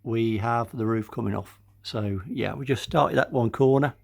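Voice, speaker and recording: Speaking at a normal speed in a gravelly, medium-pitched voice, an older car restoration vlogger talks viewers through his own repair. The workshop vlog is casual and chatty; he's breathless, leans on lots of "uh"s, and keeps addressing everyone as "guys."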